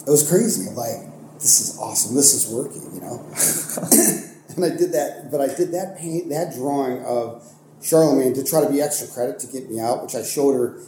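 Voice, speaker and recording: At medium pitch and normal speed, a young Ohio man, an art teacher and coach from the United States, rambles animatedly through stories in a casual podcast interview. Fillers, restarts, and self-corrections abound. The room echoes, with faint noise.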